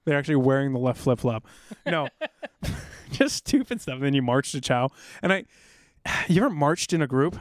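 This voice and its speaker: A middle-aged man telling rambling, animated army stories in a casual podcast chat, now and then acting out drill sergeants. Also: mid-range voice, moderate pace, no room sound, studio quality. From South Dakota, USA. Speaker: podcast guest, military veteran.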